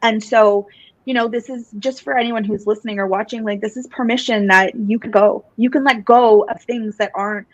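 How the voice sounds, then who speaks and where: A woman guest telling her story in a casual interview, earnest and animated, with many fillers and restarts. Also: a little high, normal speed. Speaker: psychic medium and guest. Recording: dull, dry lo-fi podcast audio.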